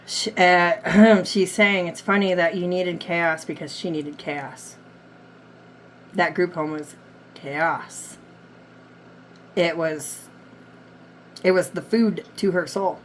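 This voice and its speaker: Low-voiced woman giving a psychic reading. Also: steady tone, slow pace, pauses often, slight background noise. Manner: relays messages, hedging with many likes. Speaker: psychic medium. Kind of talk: spirit reading session.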